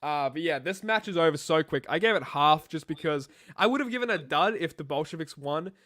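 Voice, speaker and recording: Young man, podcast co-host, profane and rambling, fairly high voice. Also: lively intonation, a little fast, a bit bright. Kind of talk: casual wrestling review chat.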